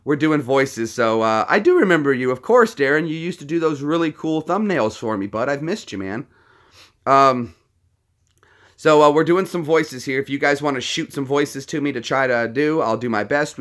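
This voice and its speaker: A man's voice: mid-range voice, fairly bright tone. Chatty man live streaming. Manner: chatty, rambling, talks to chat. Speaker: live streamer doing impressions. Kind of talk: casual live-stream chat.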